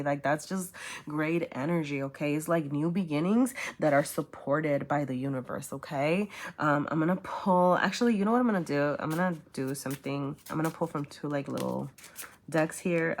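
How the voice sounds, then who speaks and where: A woman doing a casual tarot reading, rambling with many fillers and often checking in with "right?" and "okay?". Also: sits low. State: choked up at times. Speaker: tarot reader.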